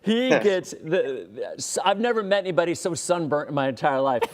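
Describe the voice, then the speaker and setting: A man's voice: on the high side, lively intonation, a little fast, a little hiss or hum. A man with an American accent hosting a casual interview show, a weather presenter who rambles, restarts and tells stories with chuckles.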